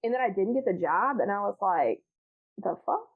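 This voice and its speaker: Her voice sits mid-range here, still lively and quick, as she talks frankly and profanely as a podcast guest. She laughs often and plays out her past self, all over a tinny, phone-like line.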